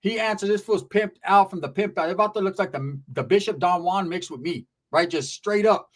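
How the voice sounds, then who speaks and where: A man's voice: high voice, a little fast. Streetwise man. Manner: streetwise, rambling, checks in with "right?". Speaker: storyteller. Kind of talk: casual profane storytelling.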